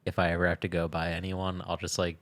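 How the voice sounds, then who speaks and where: A man with a very low voice co-hosting a casual podcast chat. He talks in a relaxed, easygoing way and laughs often. The studio recording is close and dry, with no room sound. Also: fast, no echo. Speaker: podcast co-host.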